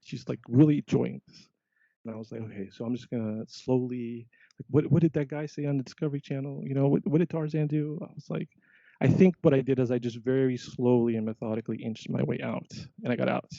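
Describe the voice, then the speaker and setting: A man, a podcast guest, telling a story in casual chat, animated and quoting himself often. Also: mid-range voice, fast talker, vocal fry, no echo. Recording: dull lo-fi sound.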